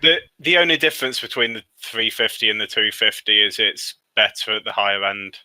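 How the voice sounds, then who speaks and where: A man's voice: on the low side, animated, a little fast, sharp tone, no echo. A man from the UK chatting on a podcast as a returning guest, with brief, dry remarks. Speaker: podcast co-host. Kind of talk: casual podcast chat.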